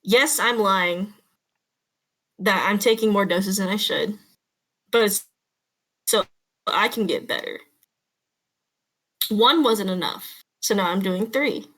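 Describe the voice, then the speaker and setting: A woman's voice: medium pitch, takes it slowly, long pauses, fairly bright tone. A woman voicing a grown son in a tabletop game, a young man who is hurt and defensive and talks back frankly.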